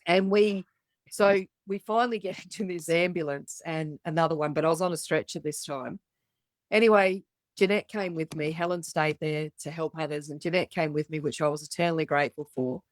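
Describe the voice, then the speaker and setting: A woman's voice: low voice, steady tone, a little fast, no room sound. Blunt Australian woman telling a story. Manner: blunt, swears freely, acts out the voices of others. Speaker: podcast guest. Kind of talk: candid storytelling.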